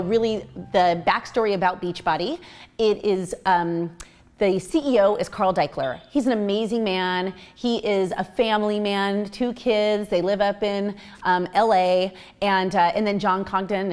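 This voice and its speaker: Pitching the job to new recruits, a team coach in her thirties sounds casual and upbeat, speaking at an everyday middle pitch with a slightly mellow quality. She chats along with plenty of fillers and restarts.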